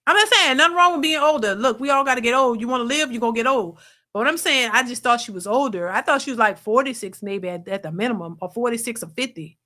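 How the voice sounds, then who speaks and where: A woman's voice: on the high side, lively intonation, fast, sharp tone. A woman hosting a live reaction stream, laughing often and reading viewer super chats aloud. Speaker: reaction channel host.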